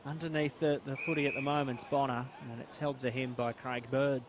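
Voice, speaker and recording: A man with an Australian accent calling live football play-by-play, quick and rising to shouts at big plays. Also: medium pitch, flat delivery, background noise. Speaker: play-by-play commentator. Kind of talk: live sports commentary.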